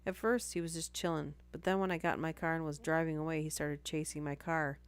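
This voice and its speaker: Low-voiced woman reading stories live. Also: fairly even intonation, fast talker, smooth, no echo. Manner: reads aloud, breaking off for chatty asides and apologies. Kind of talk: casual live-stream story reading.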